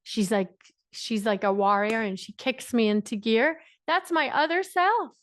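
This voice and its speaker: Irish woman with a high voice leading a punchy motivational coaching session. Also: a little slow, no echo, studio quality. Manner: emphatic, repetitive, laughs often. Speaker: business coach.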